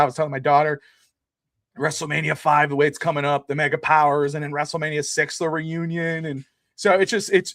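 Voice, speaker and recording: A man's voice: fairly high pitch, a bit bright, no room sound, clean studio sound. A man co-hosting a podcast in casual sports chat, rambling with lots of filler words. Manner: rambling, many "you know" fillers. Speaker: podcast co-host.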